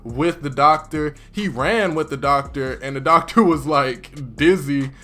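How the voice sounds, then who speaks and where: Chatty excitable man recapping a show. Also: a little high, unhurried. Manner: chatty, excitable, full of "like" fillers. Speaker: YouTuber recapping a TV episode. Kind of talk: casual episode recap commentary.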